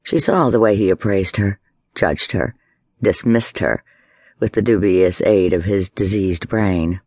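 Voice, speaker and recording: A man giving a measured, dramatic scripted narration of a story. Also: low voice, a little mellow, no room sound, clean studio sound. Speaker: audiobook narrator.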